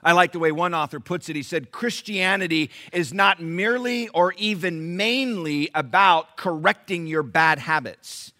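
A middle-aged man preaching a sermon, swinging from loud emphatic lines to quiet low asides and putting questions to the congregation. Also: normal speed, few pauses. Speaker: pastor.

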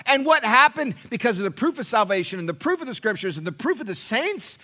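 A middle-aged American man preaching a sermon in a church, emphatic and joking, dropping to a hush and then rising loud. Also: very high-pitched, lively intonation, fairly quick, few pauses. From United States. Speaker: pastor.

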